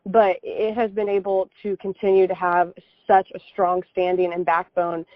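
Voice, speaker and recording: Lively young woman on a dull mic. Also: on the low side, no room sound. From United States. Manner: lively, laughing, quick talker. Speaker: podcast guest. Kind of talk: casual conversational chat.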